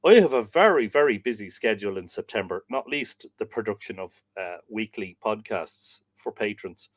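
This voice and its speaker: A man's voice: fairly low pitch, lively intonation, normal speed, no room sound. An Irish man hosting a casual livestream, reading out viewer comments and chatting back to them. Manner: chatty, reads out comments and answers them warmly. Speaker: livestream host.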